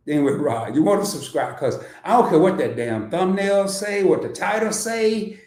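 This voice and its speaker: A middle-aged man hosting his own investing channel, talking casually at his home computer in an animated storytelling way, chuckling as he goes. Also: echoey room. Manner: animated storytelling, pitch jumps way up when excited, chuckles often. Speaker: crypto investing channel host. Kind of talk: casual personal vlog chat.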